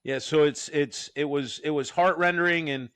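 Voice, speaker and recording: A man's voice: fairly high pitch, normal speed, smooth, dry recording. Chatty male podcast host, dry close sound. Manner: animated storyteller, many restarts, acts out quoted voices. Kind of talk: casual storytelling chat.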